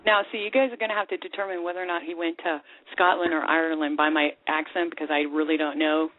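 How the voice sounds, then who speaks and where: A woman hosting a casual call-in talk radio show, chatty and quick to laugh as she coaxes callers. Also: low-pitched, steady tone, dry recording. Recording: tinny phone line with faint hiss.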